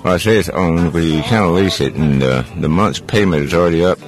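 A man's voice: low-pitched, brisk, a crowd in the background. A man hosting a call-in radio talk show, chatty and jokey, often rambling as he talks. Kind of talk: casual call-in radio chat.

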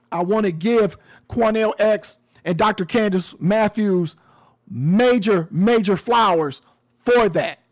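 A man giving casual commentary on a news story, talking to his audience in a conversational, emphatic and sometimes sarcastic way. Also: sits high. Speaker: commentary host.

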